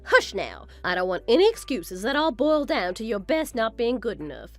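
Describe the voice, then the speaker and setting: A woman's voice: a little high, wildly swooping pitch, normal speed, soft background music. A woman playing a vain, belittling middle-aged mother-in-law in a text-story drama. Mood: boastful. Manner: haughty, belittling, self-admiring.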